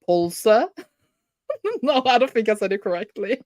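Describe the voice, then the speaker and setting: A woman's voice: fairly high pitch, normal speed, darkish tone, dry recording. A woman from Norway with a Bergen accent, chatting casually with a friend during a reading sprint, giggly and full of fillers. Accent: Norwegian, Bergen. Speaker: booktuber co-host. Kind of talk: casual chat on a reading stream.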